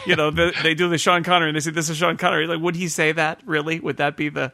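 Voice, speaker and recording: A man's voice: fairly high pitch, little pitch movement, fast talker, bright, forceful tone, dry recording. A man hosting a casual podcast chat, joking and laughing often as he talks. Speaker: podcast host.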